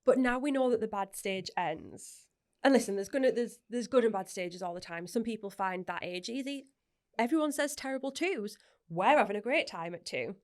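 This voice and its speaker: A woman speaks openly as a podcast guest. Her talk is chatty and unguarded, broken up by quick laughs and the odd casual swear word. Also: mid-range voice, lively intonation. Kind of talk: candid personal interview.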